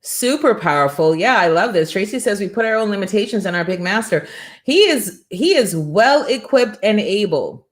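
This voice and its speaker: A woman's voice: medium pitch, animated, normal speed. A middle-aged woman hosting a morning show, giving a faith-based motivational talk with an emphatic, preacherly rhythm and repeated rhetorical questions.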